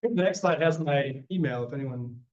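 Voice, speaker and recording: A man with a slightly high voice and moderate pace tells stories from his work during the Q&A of a guest lecture. He's animated, acts out the people he quotes, and restarts often, captured in a roomy, dull lecture-room recording.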